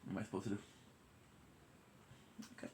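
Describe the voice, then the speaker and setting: A man vlogging in a casual, rambling way, talking to his viewers with halting restarts. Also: mellow. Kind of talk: casual chat to camera.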